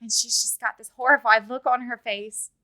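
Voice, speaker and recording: A woman in her thirties from Louisiana, telling a personal story in a halting, emotional way and retelling conversations with "I was like.". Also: fairly high pitch, fairly even intonation, pushed and bright, poor audio. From Louisiana, USA. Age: 30s. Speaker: interviewee sharing a personal story. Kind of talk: casual spoken recollection.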